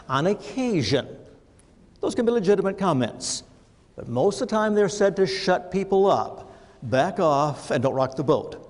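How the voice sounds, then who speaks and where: A man with a high voice delivers a motivational keynote to a live audience, building his jokes with careful punchline timing. He sounds middle-aged and speaks to a large room full of people. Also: very animated, normal speed. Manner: humorous storytelling, punchline timing.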